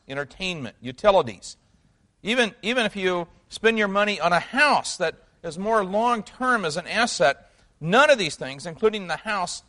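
Earnest pastor, a man preaching. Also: on the high side. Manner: earnest, asks rhetorical questions, drops to quiet at phrase ends. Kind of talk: sermon.

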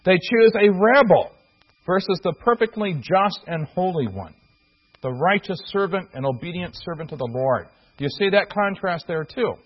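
Husky, slightly high-voiced male preacher, earnest and halting, muffled lo-fi tape. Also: expressive. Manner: earnest, halting with fillers and restarts. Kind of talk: sermon. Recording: dull lo-fi recording.

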